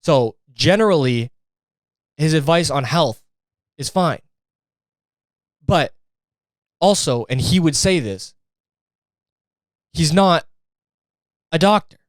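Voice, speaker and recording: A man's voice: a little high, expressive, takes it slowly, long pauses, no echo. A young man hosting a solo podcast, ranting in a sarcastic, profane, fired-up way into a close mic. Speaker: podcast host. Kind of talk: casual solo podcast rant.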